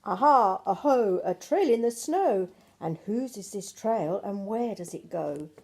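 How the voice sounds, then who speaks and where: A woman reading aloud and voicing a young gruffalo child, eager and brave, in a raised, excited storybook voice. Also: sits high, unhurried, pitched above the performer's own voice.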